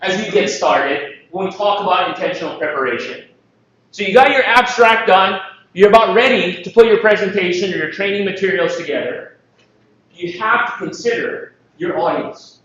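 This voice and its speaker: High-voiced man presenting in an echoey hall. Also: normal speed, fairly bright tone. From Philippines. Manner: jokey, asks the audience questions. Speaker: conference presenter. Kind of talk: live presentation talk. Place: conference hall. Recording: distant mic, echoey hall, dull sound.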